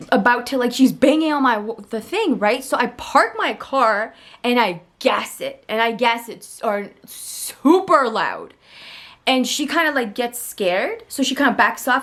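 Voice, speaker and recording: A young woman telling a story to her camera in a chatty, digressive way, often laughing at herself and getting animated as she retells an argument. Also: a little high. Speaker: vlogger. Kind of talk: casual storytime monologue.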